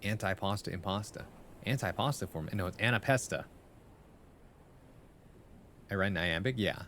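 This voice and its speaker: A man hosts a live stream and reads viewer poetry in a deep voice with a rough, crackly edge. He talks casually and playfully, often tossing in "right?" and humming rhythms. A faint hiss of noise sits under his voice. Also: moderate pace, pauses often, a bit bright. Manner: playful, reads poems aloud, hums rhythms, tags questions with "right?". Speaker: streamer giving feedback on viewer writing. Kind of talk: casual live-stream chat and poem reading.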